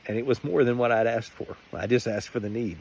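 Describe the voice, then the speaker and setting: A man's voice: mid-range voice, a little fast, creaky, darkish tone. A man giving a rambling, earnest personal faith testimony in a vlog. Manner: earnest, rambling, many restarts. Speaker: faith vlogger.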